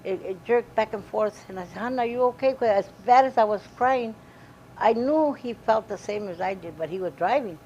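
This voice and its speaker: A woman's voice: mid-range voice, moderate pace. A woman animatedly recounting a family tragedy in a documentary interview, acting out the dialogue as she goes. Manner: animated storytelling, quoting dialogue. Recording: dull lo-fi recording with faint hiss.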